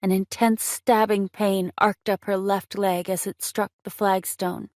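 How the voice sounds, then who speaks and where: A woman narrating a romance audiobook in a measured, expressive reading on a close mic. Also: mid-range voice, dry recording.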